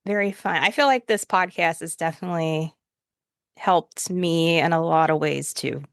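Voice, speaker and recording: A woman's voice: low voice, normal speed, gravelly, clean tone, dry recording, studio quality. A woman hosting a podcast, talking casually and reflectively, laughing easily. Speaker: podcast host. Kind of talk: casual chat.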